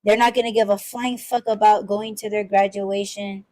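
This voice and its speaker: A woman's voice: medium pitch, level tone, normal speed, dark tone, rough recording. A woman in casual podcast talk, blunt and profane, ranting and mimicking the people she criticizes.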